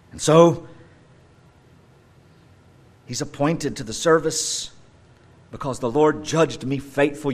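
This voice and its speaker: A male preacher giving a sermon, animated and emphatic, with playful joking asides. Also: medium pitch, breathy edge.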